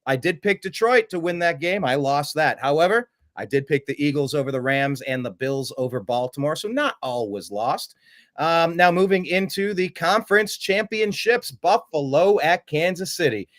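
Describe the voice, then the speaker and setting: A man hosting a casual sports chat, animated and quick to mimic other voices in his stories. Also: a little high. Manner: animated, jumps into mocking voices. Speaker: host.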